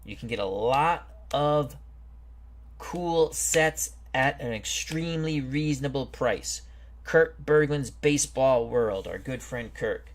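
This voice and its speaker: A man hosting a football strategy game stream, reading out team rosters and greeting viewers in a chatty, unhurried way. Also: mid-range voice. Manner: slow, chatty, greets viewers and stumbles over names. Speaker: host. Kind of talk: casual game commentary.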